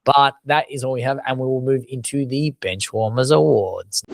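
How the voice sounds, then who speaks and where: A man co-hosting a casual sports podcast, animated and swearing for emphasis. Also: mid-range voice, normal speed, gravelly. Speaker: podcast co-host.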